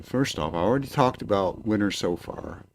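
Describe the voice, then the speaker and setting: A man's voice: on the low side, animated, normal speed, gravelly, a little hiss or hum. A man hosting a live-stream radio show from a cabin, rambling casually with lots of filler and swearing. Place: cabin, indoors.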